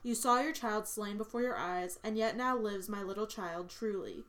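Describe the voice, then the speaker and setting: A woman's voice: mid-range voice, moderate pace, a bit bright, lightly acted. A woman voicing a devout young mother who prays and grieves over her child, speaking in a tender, prayerful way. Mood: pleading.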